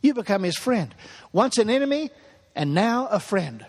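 A man's voice: high voice, very animated, normal speed. A man preaching a sermon as pastor, repeating phrases for emphasis and building to impassioned peaks. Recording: long hall reverb.

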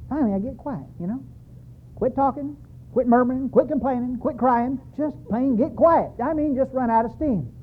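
A man's voice: extremely high pitch, moderate pace, slightly rough. A man preaching a sermon, telling his own story with emphatic repetition. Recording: tinny, phone-like sound.

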